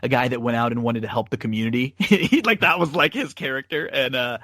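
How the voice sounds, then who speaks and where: A man's voice: medium pitch, a little fast, sharp tone, dry recording, studio quality. A man hosting a podcast, chatting casually about old wrestling matches, rambling with lots of fillers and restarts. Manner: rambling, many fillers and restarts, laughs often. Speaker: podcast host. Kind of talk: casual wrestling rewatch chat.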